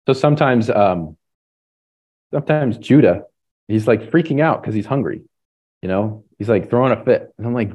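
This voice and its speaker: A man preaching a sermon in a relaxed, conversational way, often tagging on "right?" and pausing with fillers. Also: on the low side, slightly rough. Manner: halting restarts and fillers. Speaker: pastor.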